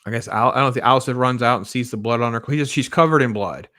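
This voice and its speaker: A man in the middle of a casual movie review. His voice sits at an ordinary pitch and comes through dry and close, with no room sound. He rambles and trails off, turning blunt and sarcastic. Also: quick pace, pushed and bright, dry recording. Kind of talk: casual spoiler review monologue.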